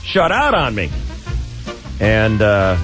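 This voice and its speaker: Lively, jokey radio host. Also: male voice, on the low side, slow pace, soft background music. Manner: jokey, laughs often, tells punchlines. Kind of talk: joke-contest radio banter.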